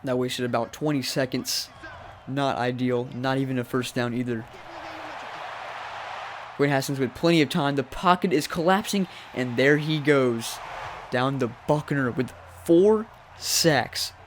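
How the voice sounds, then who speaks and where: A young man giving casual play-by-play commentary over a football video game, talking to the teams on screen and jumping high when surprised. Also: measured pace, a little hiss or hum. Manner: chatty, talks to the teams on screen. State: voice cracking. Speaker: gaming commentator.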